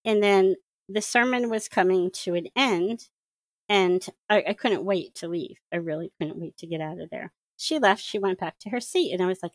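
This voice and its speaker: A woman guest recounting her past as a witch in casual storytelling, animated and laughing often as she acts out her own thoughts. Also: medium pitch, normal speed, no room sound. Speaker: interview guest, former witch. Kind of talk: personal testimony, casual storytelling.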